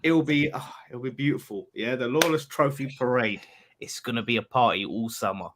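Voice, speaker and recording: A man chatting casually on a football podcast over a call, animated and teasing. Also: mid-range voice, normal speed, noisy background. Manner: animated, teasing, boastful banter. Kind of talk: casual chat.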